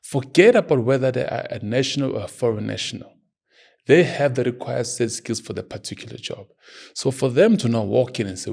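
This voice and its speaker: A man's voice: mid-range voice, animated, normal speed, vocal fry, a little mellow, slightly rough. A man hosting his own show, giving earnest, emphatic opinion commentary and arguing his point. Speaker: podcast host.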